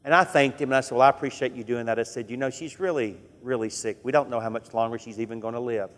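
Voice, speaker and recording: A middle-aged man preaching a sermon through a personal story. He is emphatic and drops to a hush to press a point. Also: medium pitch, fairly even intonation, fast talker. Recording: hall reverb.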